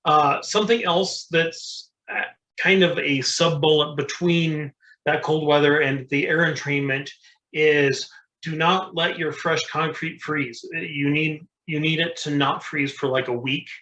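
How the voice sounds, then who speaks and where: Co-host, male, brighter tone, a bit higher than most men, casual practical engineering chat. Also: steady tone, a little slow, dull audio. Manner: plain, practical, with fillers. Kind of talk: casual technical discussion.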